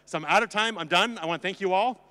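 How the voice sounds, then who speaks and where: A man's voice: high voice, quick pace, bright, forceful tone. A man giving a conference talk in a sarcastic, joking, conversational way, with a long hall reverb on the recording. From United States. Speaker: conference speaker.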